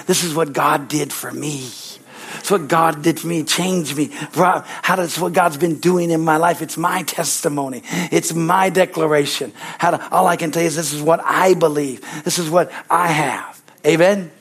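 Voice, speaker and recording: A middle-aged man preaching with emphatic, rising energy. His voice sits a little high for a man, and he keeps calling out for amens and hallelujahs between points. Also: steady tone, moderate pace, fairly bright tone, breathy edge. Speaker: pastor. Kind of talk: sermon.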